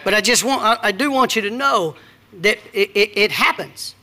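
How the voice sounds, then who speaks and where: Animated high-voiced preacher man. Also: moderate pace. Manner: preaching with scripture readings and personal stories. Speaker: pastor. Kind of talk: sermon.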